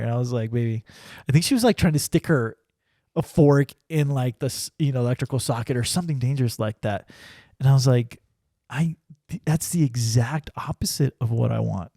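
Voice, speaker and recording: A man's voice: medium pitch, fairly quick, warm tone, no echo, studio quality. A man sharing a personal faith story in casual conversation, earnest and full of restarts. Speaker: ranch crew member sharing testimony.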